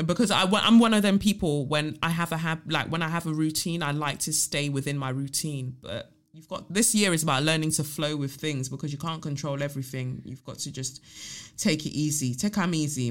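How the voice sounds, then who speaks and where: A woman hosting a solo podcast, animated and emphatic, swearing freely as she answers listener letters. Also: deep voice. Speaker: podcast host.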